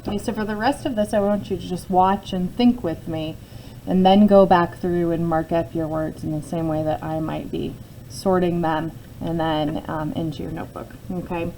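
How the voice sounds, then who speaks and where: A woman's voice: lowish voice, fairly even intonation, normal speed, mellow, a little hiss or hum, low-quality recording. A woman teacher talking through a spelling and syllable lesson step by step, often checking in with her students. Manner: patient, explains step by step with frequent "okay?" check-ins. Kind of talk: phonics lesson, talking through a word sort.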